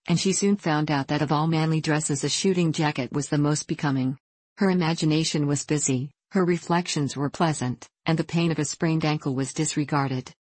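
A woman with a low, deep-set voice reads a classic novel aloud. Her delivery is measured and even. The sound is dry and close, with no room around it. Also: dry recording. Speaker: audiobook narrator. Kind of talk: scripted narration of a classic novel.

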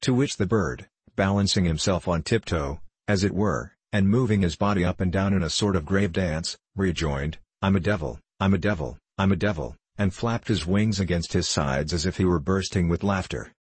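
A man reading a classic novel aloud as narrator in a steady, even manner. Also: low-pitched, moderate pace, few pauses, husky, no echo.

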